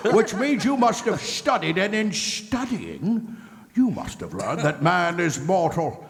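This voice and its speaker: A man plays a pompous male schemer who can't stop admiring his own cleverness. His delivery swings wildly in pitch and drags along with a gravelly edge. It's heard live through a stage mic in a big echoing hall. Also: exaggerated voice. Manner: pompous, talkative, keeps laughing at own cleverness. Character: gloating, self-satisfied male schemer. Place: convention stage. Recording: reverberant convention hall.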